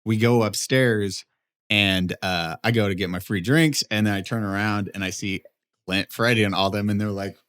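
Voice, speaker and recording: A man's voice: on the low side, normal speed, smooth. A young man, a podcast guest, telling a story in casual chat and acting out what people said. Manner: animated storyteller, acts out quotes with big jumps up.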